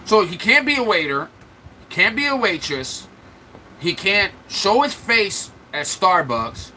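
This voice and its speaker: A man's voice: high-pitched, big pitch swings, unhurried, bright, forceful tone, a little hiss or hum, rough recording. A man hosting a livestream, trash-talking and mocking commenters in loose, joking banter. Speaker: livestream host. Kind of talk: mocking live-chat banter.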